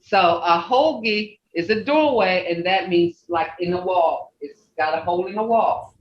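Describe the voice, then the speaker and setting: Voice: mid-range voice, normal speed, slight background noise. A language teacher leading an online class, patiently repeating words and checking that everyone follows. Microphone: video call. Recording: echoey, muffled video call audio.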